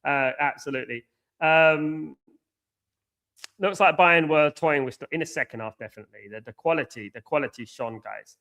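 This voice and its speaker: A man's voice: fairly high pitch, normal speed, sharp tone. An English man hosting a live football watchalong, reading out viewer comments and giving blunt, opinionated takes, often repeating himself. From England.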